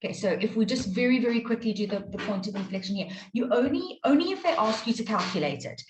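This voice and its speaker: A woman's voice: on the high side, animated, fast talker, a little hiss or hum. A woman teaching a live online maths class, explaining steps patiently and checking in with her students often. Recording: roomy echo.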